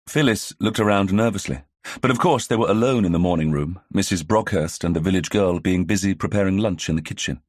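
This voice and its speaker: A man narrates an audiobook from a script in a measured, even storytelling style. His voice sits low, and the recording is dry with clean studio sound.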